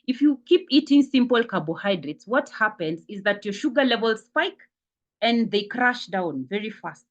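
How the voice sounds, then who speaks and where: A woman's voice: medium pitch, animated, normal speed. Woman, wellness talk, repeats for emphasis, many fillers, dull lo-fi sound. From Kenya. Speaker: wellness speaker. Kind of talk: health talk presentation.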